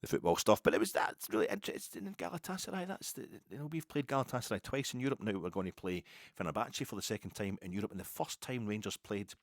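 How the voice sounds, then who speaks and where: A middle-aged Glaswegian man from Scotland hosts a football podcast, chatting casually and telling stories in a rambling, jokey way full of asides. His voice sits on the low side, expressive and fast. The recording is dry, with clean studio sound.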